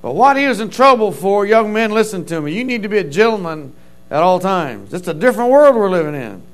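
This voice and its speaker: A man's voice: high voice, fairly bright tone. A middle-aged man preaching a sermon as a pastor, telling stories with fervent interjections of praise.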